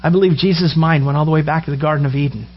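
A man preaching a sermon, animated and storytelling, acting out the characters' words as he goes. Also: on the high side, rapid-fire, a little hiss or hum. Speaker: pastor. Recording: dull lo-fi sound with faint ambience.

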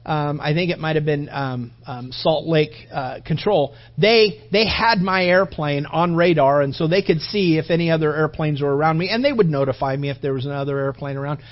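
A man preaching a sermon, telling a story with lively character voices and then drifting into a relaxed personal anecdote full of restarts. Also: on the high side, a little fast, hardly any pauses, lo-fi sound. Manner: animated storytelling preaching, voicing characters, rising loud then dropping soft; conversational anecdote with fillers and restarts. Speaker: pastor.

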